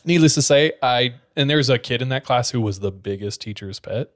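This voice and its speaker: A man's voice: mid-range voice, fairly quick. A man co-hosting a podcast, telling stories in casual chat with lots of laughter. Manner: animated storytelling with laughter. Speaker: podcast co-host.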